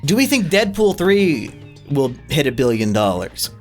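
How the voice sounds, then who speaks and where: A man's voice: on the high side, sing-song, a little slow, soft background music. A man co-hosting a casual movie podcast, blunt and crude, talking with strong opinions. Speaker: podcast co-host.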